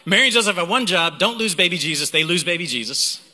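A man preaching a sermon as a guest preacher, animated and reading scripture aloud with emphasis. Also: high-pitched, fast. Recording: hall reverb.

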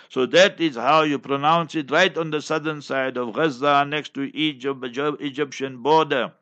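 An older South African man hosts a religious talk show, reading through the news with emphatic, scolding commentary. His voice is bright and forceful and sits a little high for a man, and he keeps pressing his points hard. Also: moderate pace, few pauses, lo-fi sound. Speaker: Islamic radio talk host.

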